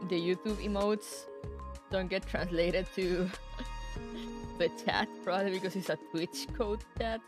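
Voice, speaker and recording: A woman's voice: medium pitch, fairly even intonation, unhurried. A woman streaming, chatting casually with her viewers in a rambling way, with frequent laughs. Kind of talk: casual live-stream chat. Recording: music playing behind.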